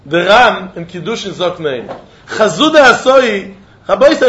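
Male Talmud teacher, high and very expressive voice, animated. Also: moderate pace, slight background noise. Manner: animated, acts out quotes, mixes in Yiddish and Hebrew terms. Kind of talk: Talmud lesson. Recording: dull lo-fi recording.

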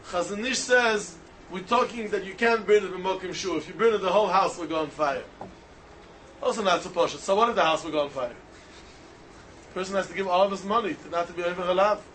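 Style Talmud teacher, male, bright sharp tone, sing-song and animated, faint ambient hum. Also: high voice, brisk. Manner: animated, mixes Hebrew, Aramaic and Yiddish terms into English, sing-song reasoning. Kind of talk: yeshiva-style Talmud lecture.

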